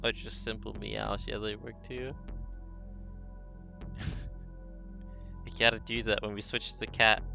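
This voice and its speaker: A man's voice: lowish voice, pushed and bright. Male streamer, chatty, laughing, thanking viewers, lo-fi stream audio, faint background music. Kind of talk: casual let's-play chat and reading game text aloud.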